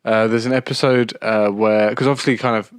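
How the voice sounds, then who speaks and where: A man co-hosting a podcast in casual chat, hesitant with many pauses as he recalls old episodes. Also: fairly low pitch, flat delivery, clean tone, no echo, studio quality. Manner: hesitant, many fillers and restarts while recalling. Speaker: podcast co-host.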